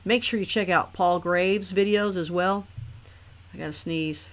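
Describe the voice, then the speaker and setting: A woman's voice: fairly low pitch, fairly even intonation, unhurried, noisy background. A woman hosting a live stream, talking casually and rambling chattily with her viewers. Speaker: host of a live talk stream.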